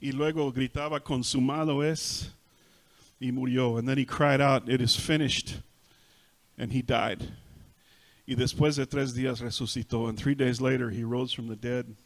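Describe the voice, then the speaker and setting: A male pastor with a Texas Spanish accent, preaching a sermon and repeating each point in Spanish and then in English, swelling loud on emphasis. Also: medium pitch, flat delivery, moderate pace. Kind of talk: bilingual sermon. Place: church sanctuary.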